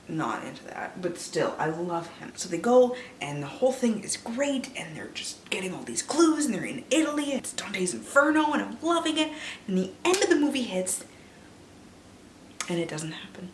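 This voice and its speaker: A young woman in her twenties, a book vlogger, ranting casually about films in an animated, swearing way while a little tipsy. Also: mid-range voice, moderate pace, a little hiss or hum. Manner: animated, swearing, drops to whispers. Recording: echoey room, mic a bit distant.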